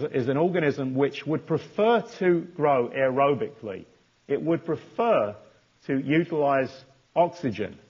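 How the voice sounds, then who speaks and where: A man's voice: on the high side, husky. A male lecturer giving a university lecture, stressing key terms and often restarting his words. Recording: dull lo-fi lecture recording.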